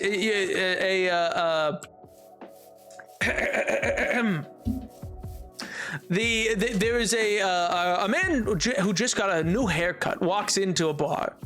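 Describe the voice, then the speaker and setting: A man's voice: high-pitched, slow, a bit bright, soft background music. A male streamer chatting casually on a live stream, rambling, stumbling over his words and breaking into giggles.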